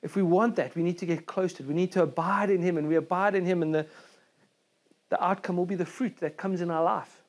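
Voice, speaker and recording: A South African man preaches from a church stage, his voice sitting notably high for a man. He talks earnestly and conversationally, often restarting and repeating words as he goes. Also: fairly even intonation, brisk. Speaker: pastor. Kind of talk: sermon. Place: church service.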